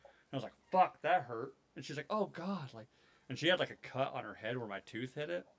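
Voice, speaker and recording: A man in his thirties co-hosting a podcast, telling a loose, profane story. He acts out the other people's lines as he goes. His voice sits at an ordinary middle pitch. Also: quick pace, vocal fry. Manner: profane, animated anecdote telling with acted quotes. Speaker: podcast co-host.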